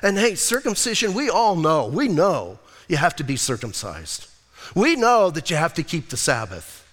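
A man's voice: on the high side, huge pitch swings, moderate pace, a bit bright. An older man, a pastor, preaching a sermon in a conversational way with rhetorical asides. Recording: long hall reverb.

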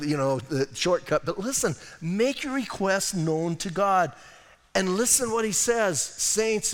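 A man preaching a sermon as a pastor, telling stories with lively, acted-out quotes. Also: a little high. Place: church hall. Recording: long hall reverb.

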